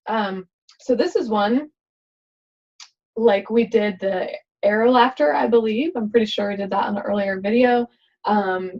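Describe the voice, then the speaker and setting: A tired woman leading a laughter exercise vlog, talking in a gentle, chatty way with many ums and uhs. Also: mid-range voice. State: tired, yawning. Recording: dull lo-fi recording.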